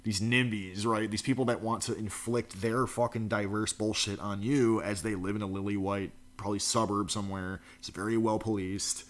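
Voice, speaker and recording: Male vlogger, somewhat low voice, sneering and profane, riffing over a news clip. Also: steady tone, moderate pace, few pauses. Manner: profane, mocking rant with frequent laughs. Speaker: political commentary vlogger. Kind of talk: reaction commentary.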